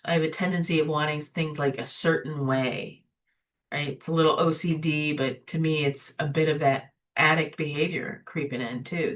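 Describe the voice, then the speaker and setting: A woman with a fairly low voice leads an informal spiritual webinar. She speaks conversationally and keeps checking in with "right?" and "you know". Her voice sounds a little distant from the microphone. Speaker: recovery webinar host. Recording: voice somewhat distant from the mic.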